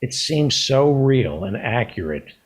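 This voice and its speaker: Effusive, husky-voiced male show host. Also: mid-range voice, sing-song, unhurried, poor audio. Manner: effusive, repeats himself for emphasis. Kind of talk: casual chat.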